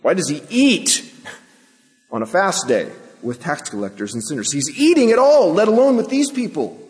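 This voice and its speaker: A man's voice: high-pitched, sing-song, a little fast, darkish tone. Emphatic preacher man in a reverberant hall. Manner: rhetorical questions, emphatic. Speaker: pastor. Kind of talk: sermon.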